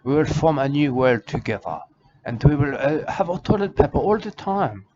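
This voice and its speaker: A man's voice: a little high, very animated, moderate pace. A man playing a rambling, eccentric self-styled wildlife warrior in an absurd comic monologue. He stumbles through broken grammar, keeps saying "uh", and tacks on "mate" again and again. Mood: rambling melancholy. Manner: rambling, full of "uh", keeps saying "I can tell you" and "mate". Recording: dull lo-fi recording with clear background noise.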